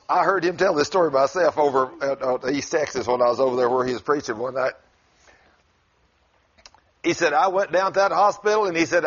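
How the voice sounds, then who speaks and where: A man's voice: a little high, expressive, normal speed, pauses often. A man who preaches, telling a story in casual conversation in a folksy way and chuckling as he goes. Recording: dull lo-fi recording.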